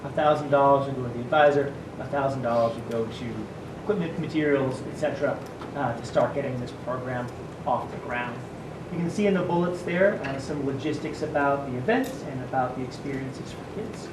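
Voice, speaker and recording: A man's voice: mid-range voice, a little fast. A man presenting as school superintendent at a public meeting, informal and upbeat, with many fillers. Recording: distant roomy mic, noisy.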